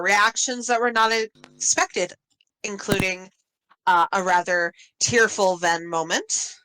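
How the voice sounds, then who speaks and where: A woman game master recapping the last session of a tabletop campaign in a relaxed way, laughing often between lines. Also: mid-range voice, poor audio.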